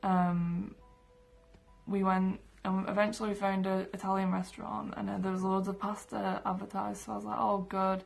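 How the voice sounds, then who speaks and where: A woman's voice: medium pitch, flat delivery, normal speed, creaky, a little mellow, faint music behind. A young woman from England, telling stories to camera in her room in a chatty way full of fillers. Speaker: vlogger. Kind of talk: casual storytelling to camera.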